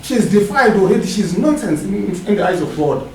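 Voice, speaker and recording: Male preacher, very high voice, call-and-response sermon, questioning tags on his lines; far from the mic in a very echoey hall. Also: sing-song, fairly quick. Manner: asks the congregation to finish his sentences. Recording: echoey hall, distant mic, faint hiss.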